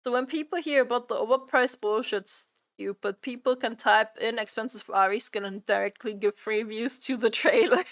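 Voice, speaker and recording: A woman streamer chatting during a live reaction stream, exasperated and repeating her own phrases out loud. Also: a little high, moderate pace.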